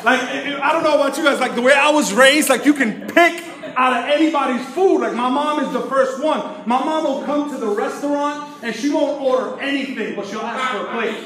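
A man preaching to a congregation as pastor, lively and joking, calling out for the crowd to respond. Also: very high-pitched, a little fast, hardly any pauses. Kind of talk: sermon with humorous stories. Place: church service. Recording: echoey room with music behind.

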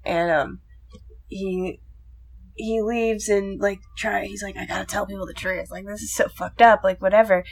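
A young woman chatting casually and recounting a film in a loose, rambling way. She swears freely and leans heavily on filler words, with a pitch in the middle range. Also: fairly even intonation, normal speed, slight background noise. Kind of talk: casual chat retelling a movie plot.

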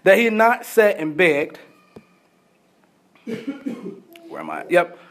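Male pastor with a high voice, preaching casually and acting out the story. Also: wildly swooping pitch, slow, a bit bright. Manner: casual storytelling, acts out characters, laughs often. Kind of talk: sermon. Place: church.

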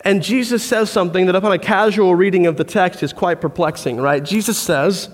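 Man, pastor, sermon, storytelling, slightly raised pitch, echoing hall. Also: a little fast. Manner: conversational, animated storytelling. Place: church hall. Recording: long hall reverb.

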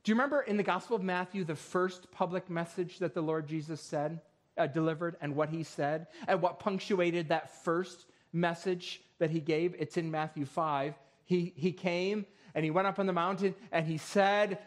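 High-voiced man preaching a sermon. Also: moderate pace. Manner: reads scripture aloud with rising force, then explains in a calmer voice. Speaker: pastor. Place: church sanctuary.

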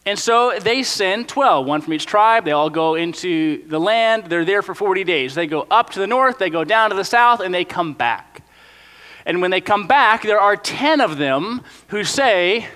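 A young man preaching a sermon in a casual, animated storytelling way, full of "like" and "right?". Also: sits high, normal speed. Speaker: pastor. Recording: long hall reverb.

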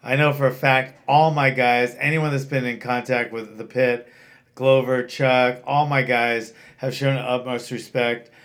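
A man's voice: medium pitch, fairly even intonation, measured pace, fairly bright tone. A man who runs a fight gym and coaches fighters, talking bluntly and swearing freely in casual chat.

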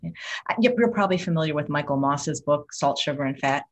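Fast, husky low-voiced woman interviewer. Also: animated. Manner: direct, probing questions. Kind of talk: interview questions.

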